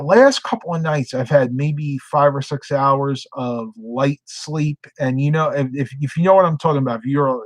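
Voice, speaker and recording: A man's voice: mid-range voice, dry recording. A sleepy middle-aged man chatting casually on a live stream, rambling and reading viewer comments aloud. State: sleepy, yawning.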